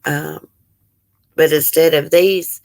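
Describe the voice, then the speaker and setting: A woman's voice: low-pitched, steady tone, takes it slowly, vocal fry, darkish tone. A woman hosts a casual true-crime chat. She reads news aloud, breaks off with blunt remarks and gets openly emotional. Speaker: channel host.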